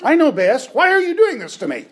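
A man voicing a stubborn three-year-old child who complains indignantly in a shrill, whining voice. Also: wildly swooping pitch, fairly quick, heavily acted.

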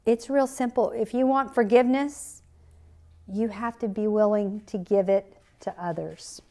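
A woman's voice: mid-range voice, steady tone, unhurried, dark tone. A middle-aged woman hosting a faith podcast, earnestly telling a personal story and quoting scripture. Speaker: podcast host. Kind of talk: faith-based podcast talk.

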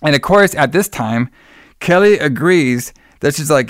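A young man with a smooth, clear, slightly high voice co-hosts a podcast, recapping a movie scene by scene at an unhurried pace. He tells it animatedly, slipping into the characters' voices to act out their lines in this casual chat. The recording is dry, in a close-sounding room.

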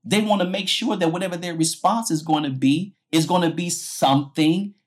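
A man hosting a podcast in a sermon-like style, speaking emphatically, slowing down and repeating his key points. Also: high-pitched. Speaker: podcast host, preacher.

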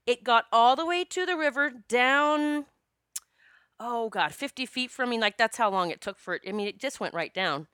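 A middle-aged woman telling a personal story in a casual, animated way, with swearing and laughter. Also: fairly high pitch, clear, resonant tone, dry recording, studio quality. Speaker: author and speaker.

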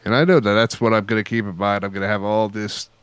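A man in a casual online chat who talks in a relaxed, rambling and earnest way. His voice is lowish and smooth, and the sound is dry and close. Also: fast, dry recording. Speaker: regular chat guest.

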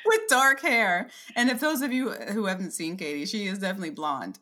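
A woman's voice: medium pitch, animated, fairly quick, sharp tone. A woman co-hosting a podcast in casual chat, telling stories in a wry way and laughing as she talks. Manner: wry, storytelling, laughs while talking. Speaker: podcast co-host.

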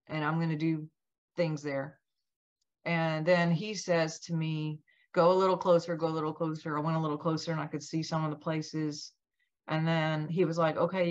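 A woman guest in an interview telling a personal story in a lively way, acting out what each person said. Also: deep voice. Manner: animated, acts out quoted dialogue. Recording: dull lo-fi sound.

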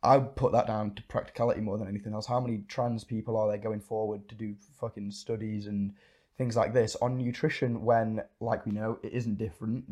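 A man's voice: lowish voice, warm tone. A man co-hosting a podcast, chatting casually with jokey, sweary banter. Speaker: podcast co-host. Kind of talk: casual chat.

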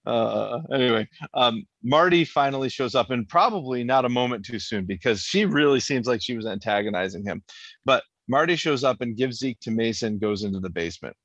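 A man's voice: mid-range voice, fairly quick, no echo, muffled recording. Laughing man recapping a show. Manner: animated, laughs often, acts out quotes. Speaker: podcast co-host. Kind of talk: casual chat recapping a TV episode.

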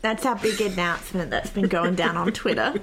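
A woman co-hosting a casual podcast over a remote call, giggly and animated. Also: fairly low pitch, brisk, a little hiss or hum. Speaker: podcast co-host. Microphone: remote call mic.

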